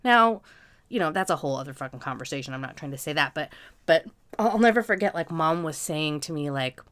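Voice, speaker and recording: Woman co-host, very low voice, animated storyteller, swears casually, acts out quotes. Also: quick pace. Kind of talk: casual chat.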